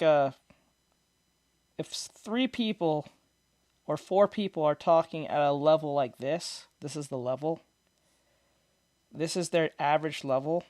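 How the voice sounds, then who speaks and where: On a casual live stream, a man with a fairly high but darkish, clean-toned voice reacts to viewer comments, explaining things loosely, restarting sentences, and laughing at his own jokes. Recorded on a desk microphone, the audio is studio quality with no room sound.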